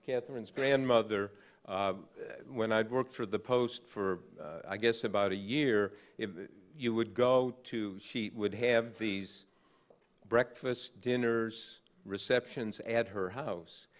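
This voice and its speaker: A man in his sixties giving an award acceptance speech at a podium, telling an anecdote in a halting way with many uh fillers and dry, wry humor. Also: fairly low pitch, steady tone. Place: large banquet hall on stage.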